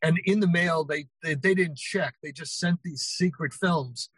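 High-voiced older man telling anecdotes. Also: unhurried, breathy edge, dry recording, rough recording. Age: 60s. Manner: animated retelling with quoted voices. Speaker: author guest. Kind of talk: anecdotal interview storytelling.

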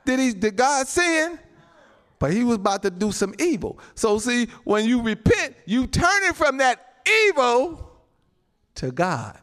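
A male pastor preaching a sermon, animated, often calling out to the congregation and breaking into shouts and laughs. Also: extremely high pitch, measured pace. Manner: calls out to the congregation.

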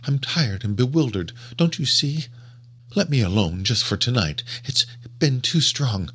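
A man's voice: medium pitch, lively intonation, brisk, breathy edge, voice pushed up. Rebecca, a man voicing a secretive young woman. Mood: pleading.

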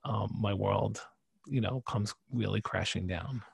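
Animated man telling a personal story. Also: fairly low pitch, unhurried, creaky, slightly rough, no room sound. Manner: animated, emphatic storytelling with restarts. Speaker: podcast guest. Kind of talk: storytelling in a podcast interview.

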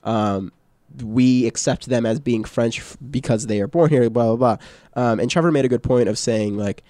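Man, podcast co-host, casual chat, filler-heavy, mid pitch, dry close sound. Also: normal speed, mellow, no echo. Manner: conversational, many fillers and restarts, tag questions.

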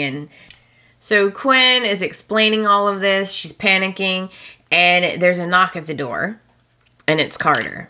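Woman, podcast host, casual recap, storytelling, bright tone, low voice. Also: expressive, measured pace. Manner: chatty storytelling with quoted dialogue and chuckles. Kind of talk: casual soap opera recap.

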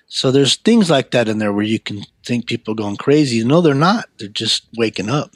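Man, mid-range voice, earnest storyteller, halting repeats, dry booth-like sound. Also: mid-range voice, expressive, no room sound. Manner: earnest, frequent stammered repeats. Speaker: guest sharing his life story. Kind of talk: personal testimony storytelling.

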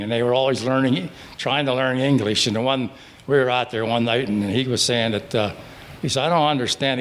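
An older veteran from Pittsburgh, speaking at a mid pitch, tells his service memories to a room of listeners at a restaurant. His talk wanders and stalls, full of fillers, restarts and loose asides. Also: a bit bright. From Pittsburgh, Pennsylvania. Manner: rambling, halting, with many restarts and fillers. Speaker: veteran telling stories. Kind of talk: live storytelling at a breakfast gathering.

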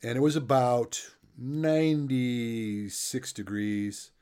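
A man's voice: medium pitch, slow, darkish tone, smooth. A middle-aged man interviewing a guest, chatty and fond of telling stories while laughing along. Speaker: interviewer and coach. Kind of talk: casual interview chat.

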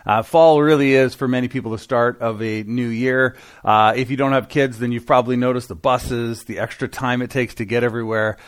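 A man's voice: medium pitch, steady tone, a little fast, few pauses. Conversational male pastor preaching. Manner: conversational, many fillers, engages congregation. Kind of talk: sermon.

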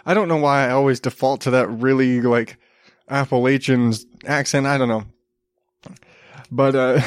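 A man's voice: fairly high pitch, dry recording. A man in his thirties, a podcast host talking casually about news stories, rambling with wry asides and chuckles, a little sick. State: slightly sick, coughing.

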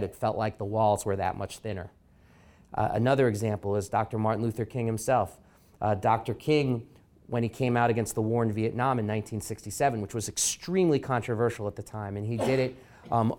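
Man giving an animated library talk. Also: on the low side. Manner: animated storyteller acting out quotes. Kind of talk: public lecture with anecdotes. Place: library event room.

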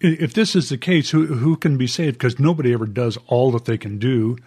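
Man interviewing, mid-pitched and steady. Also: slightly rough. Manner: asks questions, reads scripture aloud slowly. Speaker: podcast host. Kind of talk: casual podcast interview.

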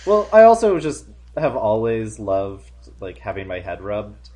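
A man's voice: on the low side, very animated, unhurried, warm tone. A man co-hosting a podcast in casual chat, amused and joking, laughing often. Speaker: podcast co-host.

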